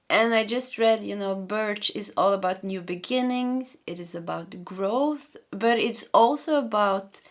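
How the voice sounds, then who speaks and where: Fast-talking Swedish woman reading tarot. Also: medium pitch. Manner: fast, energetic, repeats phrases. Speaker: tarot reader. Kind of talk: pick-a-card tarot reading.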